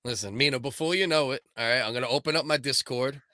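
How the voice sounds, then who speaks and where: A Staten Island man with a New York accent co-hosts a podcast, his mid-range voice quick, pushed, and bright. The banter is crude and rambling; he laughs often and swears a lot, and the recording is dry and studio quality.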